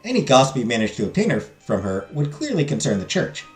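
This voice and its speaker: Streaming a story game, a man reads the narration aloud and playfully laughs at the voices he puts on. He talks fast at medium pitch with wildly swooping intonation, and the audio has a roomy echo over faint game music.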